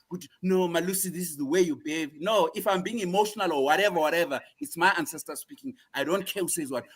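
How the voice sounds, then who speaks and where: A man's voice: high voice, bright, forceful tone. A man giving impassioned political commentary as a guest, fiery and preaching, hammering the same phrases again and again.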